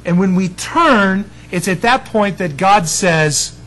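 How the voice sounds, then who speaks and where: A male pastor preaching in an easy, conversational manner and often asking his listeners to agree. His voice sits a little higher than most men's. A faint hum runs under the recording. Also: animated, slow pace, hardly any pauses, a bit bright, low-quality recording. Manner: conversational preaching with frequent "you see" and "amen" asides. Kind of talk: sermon.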